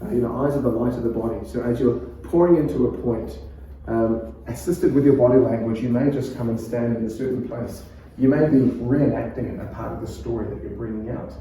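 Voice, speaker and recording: A man with a New Zealand accent leads a preaching workshop in a calm, conversational voice with a mellow, dark tone. He sits well back from the mic, and the church hall around him is very echoey. A faint room hum sits underneath. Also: mid-range voice, fairly quick, recorded from a distance. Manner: calm, conversational, laughs often. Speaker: pastor.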